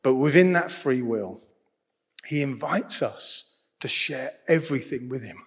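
A man preaching a sermon in a lively, humorous, conversational way. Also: mid-range voice, a little slow, husky. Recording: long reverb of a large hall.

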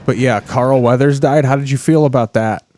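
Podcast host in his thirties, crude riffing banter, warm dark voice, dry mic. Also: medium pitch, moderate pace, dry recording. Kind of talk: casual chat watching TV.

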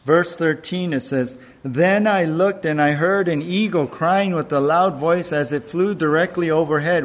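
Conversational man preaching, slightly high voice. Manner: conversational preaching with fillers and restarts, slowing for emphasis. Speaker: pastor. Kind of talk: sermon.

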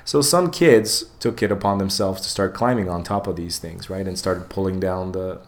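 A man with a deep, low voice tells a tale on a casual podcast, swearing freely and slipping into the voices of the people in it. He keeps the talk loose and animated. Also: moderate pace. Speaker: podcast co-host. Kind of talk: casual storytelling chat.

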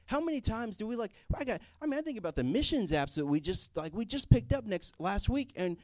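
A young man giving a casual, comedic sermon, animated and joking as he acts out people praying. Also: sits high, fairly quick, dry recording, studio quality. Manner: animated, jokey, acts out prayers in put-on voices. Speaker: youth speaker.

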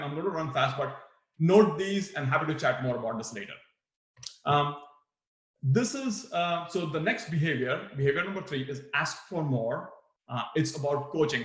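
Animated man giving a management workshop. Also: roomy sound. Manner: animated, acts out example replies with big pitch swings. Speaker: management trainer. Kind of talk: live workshop talk on management.

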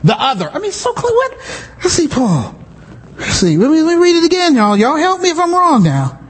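High-voiced animated preacher in a hall. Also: male voice, brisk. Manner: animated, conversational preaching with asides and shouts. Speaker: pastor. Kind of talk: sermon. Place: church sanctuary.

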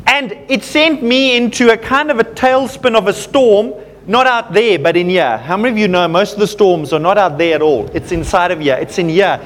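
A man with a notably high voice delivers a sermon to a congregation. He talks casually, with plenty of fillers, and turns personal stories into gentle lessons. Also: normal speed. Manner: conversational, self-deprecating storytelling with fillers. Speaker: pastor.

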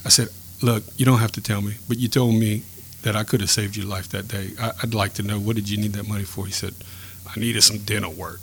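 A man sharing a personal faith story in a podcast chat, earnest and reflective, pausing and restarting as he speaks. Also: lowish voice, fairly even intonation, vocal fry, a bit bright, slight background noise. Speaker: guest telling a faith story.

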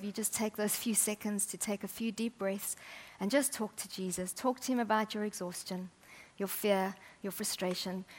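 Chatty woman preaching. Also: medium pitch. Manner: chatty and humorous, dropping to soft, intimate tones. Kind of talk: sermon.

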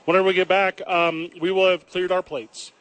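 A man hosting live sports radio from a ballpark, brisk and playful, teasing himself. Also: sits high, level tone, a bit bright, clean tone. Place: table at a ballpark, live broadcast.

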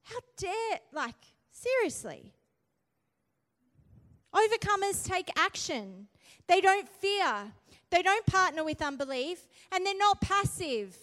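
A woman's voice: very high voice, sing-song, takes it slowly, pauses often, fairly bright tone. A woman preaching a sermon earnestly, driving points home with rising emphasis and frequent "right?" tags. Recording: long hall reverb.

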